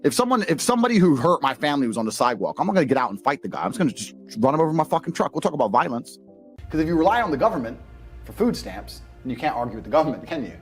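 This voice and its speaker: This British man, a podcast guest, tells brash, profane, boastful stories as a lively narrator. His voice sits on the high side and he talks at a racing pace, with faint music in the background.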